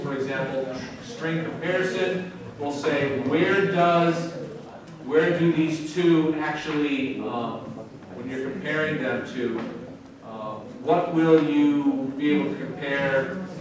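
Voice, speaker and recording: A male university professor giving a classroom lecture to students in a casual, joking manner. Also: fairly high pitch. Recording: echoey hall from far off with faint noise.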